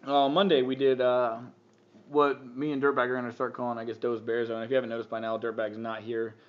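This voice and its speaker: A man's voice: mid-range voice, little pitch movement, fairly quick. Guy hosting a podcast, swears a lot, rambles, kinda muffled recording. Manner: rambling, swearing, laughing often. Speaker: podcast host. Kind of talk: casual crude podcast banter. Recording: muffled lo-fi with faint hiss.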